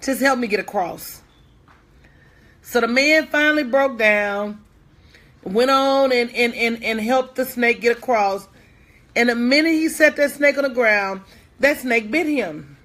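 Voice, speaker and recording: A woman's voice: a little high, unhurried, fairly bright tone. A woman business coach talking casually to her online audience, folksy and candid, calling out viewers by name.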